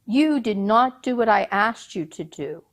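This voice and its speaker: A woman's voice: medium pitch, animated, a little slow. A woman storyteller voicing a timid, fearful old man who mutters to himself and pleads anxiously. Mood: musing.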